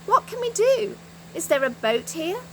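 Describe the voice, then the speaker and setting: A woman's voice: very high voice, big pitch swings, moderate pace, a little mellow, slight background noise, pitched above the performer's own voice, poor audio. A woman reading a storybook voices Jo, an impatient boy who complains.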